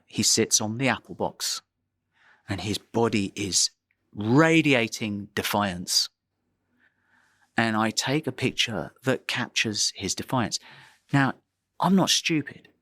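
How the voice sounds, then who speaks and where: A man's voice: medium pitch, fairly bright tone, dry recording. Dry, close-miked male storyteller. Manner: vivid, dramatic storyteller with pauses. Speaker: photographer being interviewed. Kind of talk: recounting a personal anecdote.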